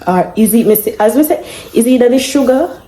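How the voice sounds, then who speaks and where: A woman's voice: a little high, expressive, a little fast, warm tone, echoey room, rough recording. A woman chatting casually while cooking, laughing at herself as she goes. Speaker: home cook vlogger. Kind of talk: casual cooking vlog chat.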